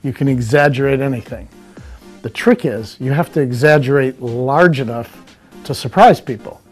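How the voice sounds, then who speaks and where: A man walks through comedy formulas in a steady, explanatory way, with a mid-range voice. Soft music plays faintly behind him. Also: medium pitch. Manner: explanatory, measured. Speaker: comedy instructor. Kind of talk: scripted instructional talk.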